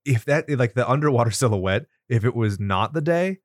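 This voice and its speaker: A man's voice: medium pitch, animated, moderate pace, no room sound, clean studio sound. A man in casual chat, wisecracking and crude, making frequent jokes. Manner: wisecracking, crude jokes, jumps into loud impressions. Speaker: podcast co-host.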